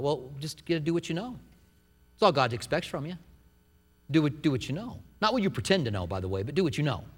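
A man's voice: fairly high pitch, big pitch swings, fast, a bit bright, breathy edge. Man preaching in a reverberant church. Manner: earnest, conversational preaching with restarts. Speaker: pastor. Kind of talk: sermon. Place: church sanctuary.

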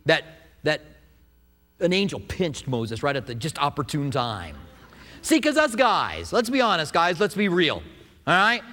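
A man preaching to his congregation in a casual, animated way. His voice sits fairly high, and he keeps throwing questions out to the room. It comes through with a long, ringing hall reverb. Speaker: pastor. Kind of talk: sermon.

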